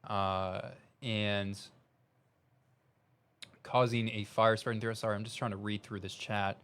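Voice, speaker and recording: A man's voice: on the low side, level tone, measured pace, a bit bright, clear, resonant tone. A man with a Southern Missouri accent, a meteorologist talking urgently and conversationally during live severe weather coverage. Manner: urgent, conversational, reading updates aloud.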